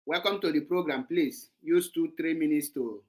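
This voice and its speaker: A man's voice: on the high side, moderate pace. A man with a Nigerian Igbo accent hosts a call-in show, talking angrily and passionately and mixing English with Igbo. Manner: angry, impassioned, mixes English with Igbo. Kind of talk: heated call-in talk.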